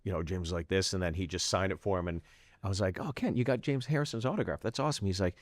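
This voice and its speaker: A middle-aged man from the Pittsburgh area, a guest comedian telling animated stories in a casual podcast chat. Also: sits low, fast talker, no echo. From Pittsburgh area, USA. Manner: animated anecdotes with laughter.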